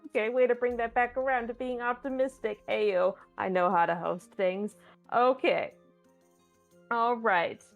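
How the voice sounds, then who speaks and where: A woman hosts a relaxed viewer Q&A on a tabletop game stream, talking in a playful, rambling way and often restarting her sentences. Her voice has a gravelly, fry-laden edge, and faint music plays softly underneath. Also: on the high side, a little slow, narrow, tinny audio. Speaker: stand-in host answering viewer questions. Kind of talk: casual live-stream chat.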